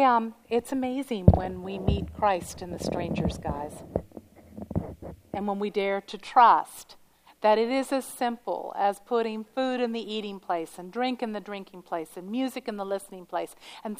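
A woman's voice: medium pitch, a little slow, slight background noise, low-quality recording. A woman pastor responding to a testimony and encouraging her Sunday school class.

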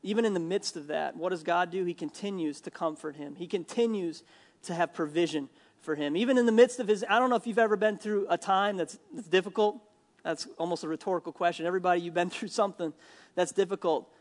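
A male pastor from Minnesota preaching a sermon in a church, animated and jokey, acting out the people he quotes. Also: sits high, quick pace. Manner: animated, jokey asides, acts out quoted lines.

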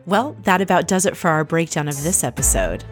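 A woman's voice: low voice, sing-song, a little fast, soft background music. A woman hosting a casual reality show recap, chatty and wry, with frequent laughs. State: married.

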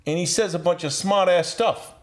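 A man as a podcast guest, telling a story in an animated, profane way and laughing as he goes. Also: sits high, normal speed. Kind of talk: casual storytelling.

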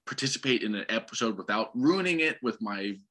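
A man's voice: lowish voice, lively intonation, brisk, sharp tone. A man co-hosting a casual podcast about movie trailers, talking in a rambling, sardonic and opinionated way. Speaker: podcast co-host.

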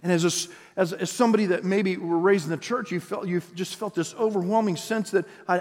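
A man's voice: high voice, steady tone, a little fast, hardly any pauses, a little mellow, in a large hall. A man preaching an earnest sermon, reading scripture aloud and stretching words for emphasis. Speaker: pastor.

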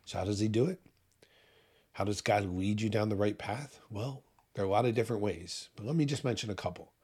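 Middle-aged male pastor, husky, emphatic sermon delivery that speeds up and slows down. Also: fairly low pitch, a little mellow. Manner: emphatic preaching, pace swinging fast and slow.

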